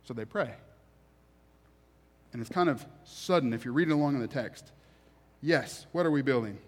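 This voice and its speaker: A man's voice: mid-range voice, lively intonation, normal speed. A man preaching a sermon, reading scripture aloud and then explaining it in a conversational way with emphatic repetition. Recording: reverberant hall.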